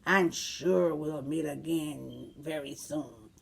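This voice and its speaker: A woman voicing a sly, smooth-talking male wolf in a storybook reading, drawling with slow, sly pauses. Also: deep voice, voice pushed down, full character voice.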